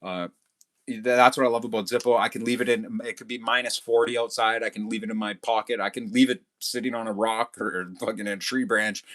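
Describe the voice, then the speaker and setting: A man's voice: lowish voice, a bit bright. Foul-mouthed, boastful man. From Canada. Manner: profane, boastful and heated, swearing constantly. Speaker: livestream host. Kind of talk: casual livestream chat, reading comments aloud.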